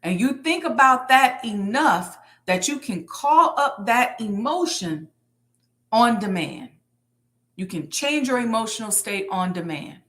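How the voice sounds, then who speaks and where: A woman's voice: on the high side, lively intonation, unhurried, fairly bright tone. Woman teaching with preacher-like repetition. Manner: preacherly, repeats key lines for emphasis. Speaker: manifestation teacher. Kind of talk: lecture to an online live audience.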